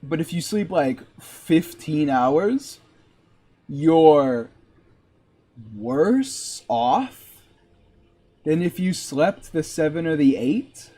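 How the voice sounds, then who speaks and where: Young guy from massachusetts streaming a game, slow rambly jokey chat, lots of likes and you knows. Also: fairly high pitch, big pitch swings, warm tone. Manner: rambling, joking, full of fillers. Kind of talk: casual chat while gaming.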